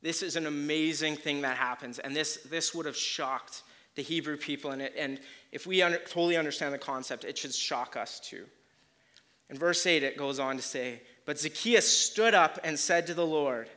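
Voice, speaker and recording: Preaching a sermon, a man retells a story with great energy, acting out its quotes. His bright, forward voice sits a little high for a man, and his loudness keeps swinging up and down as he drives his points home. He speaks at a normal speed.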